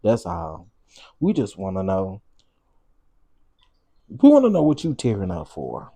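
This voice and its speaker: A man's voice: deep voice, huge pitch swings, unhurried, mellow, slightly rough. A man hosting a livestream, giving sassy, teasing live commentary with laughing asides. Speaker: livestream host.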